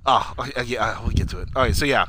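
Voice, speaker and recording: A man's voice: medium pitch, fast talker. A man casually recapping a TV episode, acting out characters' lines, swearing and laughing as he tells it. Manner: animated storyteller, acts out lines, swears, laughs. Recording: noisy recording.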